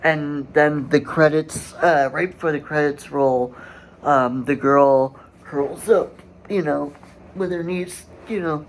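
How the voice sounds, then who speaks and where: A man hosting a solo commentary podcast, speaking in a halting way with many fillers and restarts and growing indignant. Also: a little high, slight background noise, rough recording. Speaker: podcast host.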